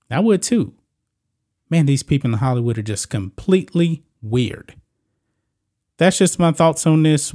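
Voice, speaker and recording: A man's voice: medium pitch, a little mellow. A male channel host giving opinionated celebrity news commentary, blunt and moralizing, talking straight to his viewers.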